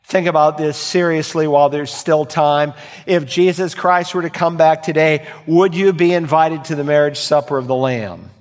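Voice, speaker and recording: A male pastor preaching a sermon, swinging from loud emphatic lines to quiet, low asides. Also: normal speed, big-room sound.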